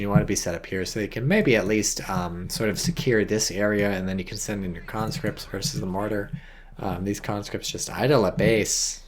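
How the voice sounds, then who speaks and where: A tipsy man doing casual, rambling game commentary as a shoutcaster, swearing freely and making self-mocking asides. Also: on the low side, animated, a little fast. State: tipsy from wine.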